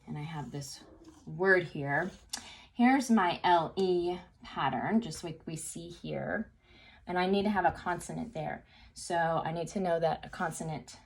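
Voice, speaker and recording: A woman teaching a phonics lesson to young children, sing-song and encouraging, often checking in with an okay. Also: lowish voice. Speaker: second grade teacher.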